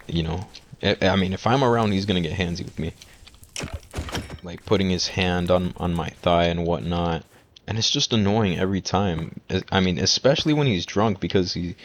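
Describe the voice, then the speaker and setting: A man's voice: low voice, vocal fry. A young man casually rambling through a storytime vlog, full of restarts and fillers. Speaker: vlogger.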